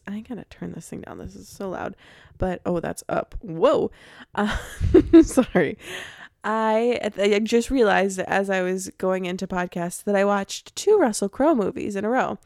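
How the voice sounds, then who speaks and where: Woman, podcast host, casual chat, laughs a lot, rambles, mid pitch, dry close sound. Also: no room sound. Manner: bubbly, laughs often, rambling.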